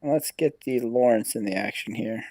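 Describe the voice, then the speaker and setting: A male player talks through his next move at a tabletop wargame, casual and unhurried. His tone is mellow and dark, and the sound is dry with no room around it. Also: medium pitch, no echo. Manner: thinking aloud over moves. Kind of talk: casual game chat.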